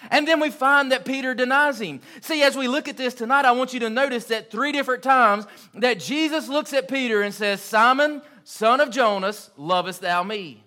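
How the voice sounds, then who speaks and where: A man delivers an evening sermon in an earnest, emphatic style. His voice sits high and rings bright and forceful. He repeats key phrases to drive them home. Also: a little fast, few pauses. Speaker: preacher.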